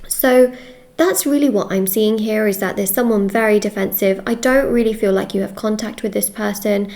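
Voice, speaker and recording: A woman's voice: mid-range voice, moderate pace, darkish tone. A woman reads tarot cards casually to her viewers. She talks in a chatty, looping way, repeating her points and checking in often. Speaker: tarot reader. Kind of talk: casual tarot reading to camera.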